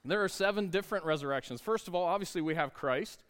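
A man's voice: sits high, fast, fairly bright tone, smooth. A man, preaching a sermon in an upbeat, conversational way and asking the congregation questions. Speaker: pastor.

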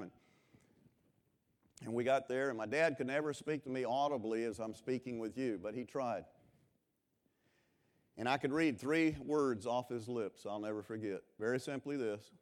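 A man from Florida preaching a revival sermon, swinging between loud impassioned calls and quiet personal storytelling. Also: medium pitch. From Florida, USA.

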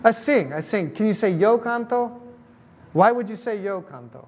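A pastor delivers a sermon in a high voice with lively intonation, a moderate pace and a darkish tone. He speaks conversationally and puts questions to the congregation, and the recording carries a long hall reverb.

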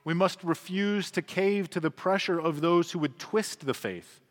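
Pastor, male, 30s, somewhat high voice, earnest conversational sermon delivery, long church reverb. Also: unhurried. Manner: earnest, conversational preaching with emphatic swells.

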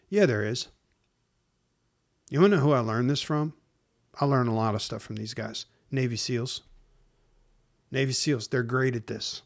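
A man preaching in a casual, conversational sermon, speaking plainly to listeners and slipping into slang and hushed acted-out asides. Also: mid-range voice, moderate pace, gravelly, long pauses. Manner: acts out inner voices in hushed asides. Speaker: pastor.

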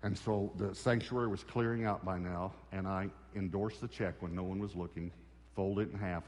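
A man's voice: deep voice, darkish tone, long reverb tail. A man preaching a sermon, telling a personal story and acting out the conversations in it. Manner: storytelling, acts out dialogue with God. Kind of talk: sermon testimony.

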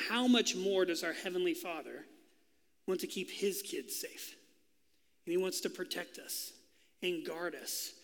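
A man's voice: high voice, fairly bright tone. A man in his thirties, a pastor preaching a sermon, telling a funny story and acting out quotes before turning earnest. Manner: playful storytelling with acted-out quotes. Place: church hall. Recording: long hall reverb.

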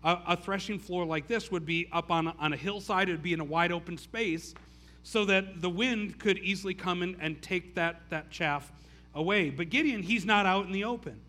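A man's voice: sits high, moderate pace, sharp tone. A man preaching a conversational sermon, often restarting phrases and saying "like" as he retells the story. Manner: casual, stammering restarts, frequent "like". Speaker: pastor.

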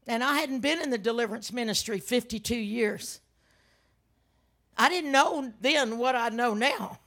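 An older woman minister preaching a sermon with personal testimony, telling stories dramatically and breaking into sudden loud outbursts. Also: on the high side, a little slow.

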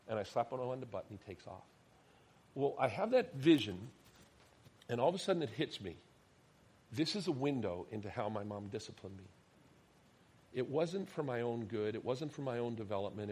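Animated pastor telling a story. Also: male voice, mid-range voice, brisk, husky. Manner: animated storyteller, acts out quoted dialogue, drops to soft tones. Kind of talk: sermon storytelling.

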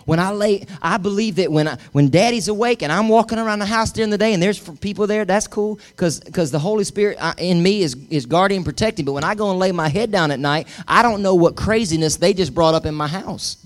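A middle-aged man preaching with a notably high voice. He drives his points hard and keeps calling on the congregation to say the words back to him. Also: quick pace, hardly any pauses. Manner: emphatic, calls for congregation responses. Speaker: pastor. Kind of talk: sermon.

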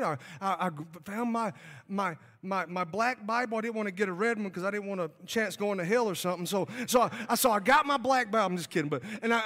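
A man with a very high, bright, lively voice preaches his testimony, swinging from hushed asides to shouted peaks. The sound rings with a long hall reverb. He jokes and storytells as he goes. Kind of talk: sermon testimony.

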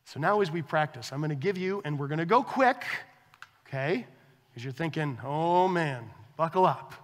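A man preaching a sermon as a pastor, conversational and animated, acting out quoted dialogue with his wife. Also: on the high side, a little fast, big-room sound.

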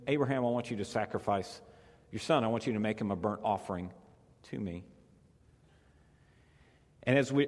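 Conversational male pastor in a reverberant hall. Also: medium pitch. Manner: conversational, repeats phrases for emphasis. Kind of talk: sermon.

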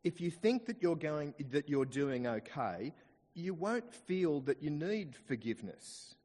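An Australian man preaching a sermon in church, slowing down to dwell on quoted scripture. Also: a little high, big-room sound. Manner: expressive preaching, slows down to stress quoted scripture. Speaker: pastor.

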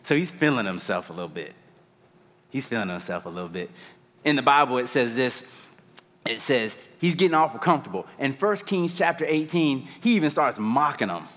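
A man preaching a sermon in a church, retelling a story in an animated, conversational way. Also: medium pitch, fairly quick, long reverb tail. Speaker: pastor.

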